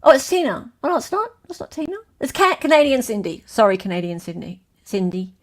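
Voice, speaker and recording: A woman's voice: fairly high pitch, big pitch swings, fast. A woman with an Australian accent hosting a casual livestream, chatting loosely and reading out quiz questions in a sing-song list. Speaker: livestream host.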